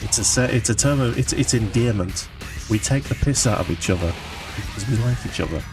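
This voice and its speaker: Casting: man, low voice, dry and sweary, a bit off-mic over guitar music. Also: animated, brisk, distant mic. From United Kingdom. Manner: sweary, sarcastic, jokey. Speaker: guest painter. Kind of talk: casual stream chat.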